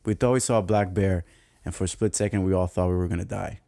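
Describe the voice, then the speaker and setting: A young man with a New York accent, telling a camping story as a podcast host in a loose, profane, animated way, laughing often. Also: sits low, quick pace, vocal fry, no echo, studio quality. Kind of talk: casual storytelling monologue.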